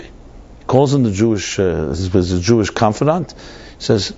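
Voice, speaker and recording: A man's voice: fairly low pitch, animated, moderate pace, noisy background. A man, a rabbi, telling a story in a conversational, digressive lecture. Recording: dull lo-fi lecture recording.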